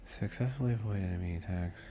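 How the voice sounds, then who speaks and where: A young man talks through his gameplay in a loose, rambling way, thinking out loud. His voice is extremely deep. Game music plays clearly behind him. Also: quick pace. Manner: relaxed, rambling, thinking aloud. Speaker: gameplay streamer. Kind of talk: casual gameplay commentary.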